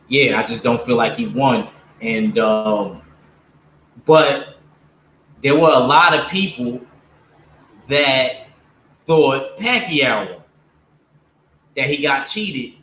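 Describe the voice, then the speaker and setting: A man's voice: medium pitch, takes it slowly, pauses often, fairly bright tone, echoey room, a little hiss or hum. A man giving blunt, opinionated boxing commentary to his viewers, casual and slangy, with lots of fillers. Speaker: streamer talking boxing with viewers.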